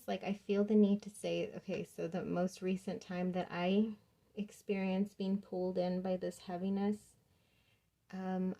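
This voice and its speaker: A young woman giving a casual tarot reading, talking softly and rambling with many fillers. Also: on the low side, creaky. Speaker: tarot reader.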